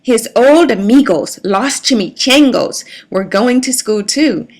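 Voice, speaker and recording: A woman reads a picture book aloud to young listeners in a bright, sing-song storytelling voice. Her pitch sits high and swoops around a great deal, animated all the way through. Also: measured pace.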